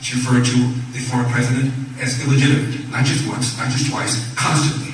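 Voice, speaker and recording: A man running for office, making a measured speech and listing his points one by one. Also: mid-range voice, fairly even intonation. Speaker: political candidate. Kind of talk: speech answering press questions. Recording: echoey room from far off, faint noise.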